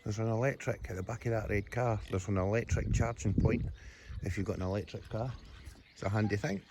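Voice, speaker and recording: A Scottish man films his stroll by a reservoir on a handheld camera, chatting in loose, rambling vlog fashion and shouting to his dog. He speaks briskly in a lowish voice, against a noisy backdrop of birds and outdoor sounds.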